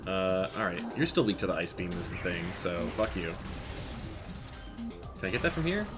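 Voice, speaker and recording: Male streamer, low voice, chatty and muttering, game music loud behind. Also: big pitch swings, moderate pace. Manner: chatty, reads chat aloud, mutters to himself. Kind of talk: casual gameplay commentary.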